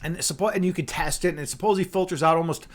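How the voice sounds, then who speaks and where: A man from Chicago hosts a laid-back livestream chat, talking very fast in a voice on the high side. He rambles, repeats words, and says "dude" and "man" a lot.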